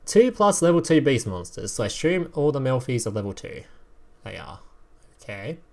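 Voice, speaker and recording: A man's voice: medium pitch, very animated, moderate pace, gravelly, a little mellow. A man streaming casual commentary as he reviews game cards, reading card text aloud, swearing and laughing as he goes.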